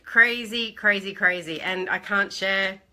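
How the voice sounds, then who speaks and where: A woman's voice: medium pitch, fairly even intonation, unhurried, pushed and bright, a little hiss or hum. A woman hosting a casual live stream from her phone, chatting with viewers by name and laughing often.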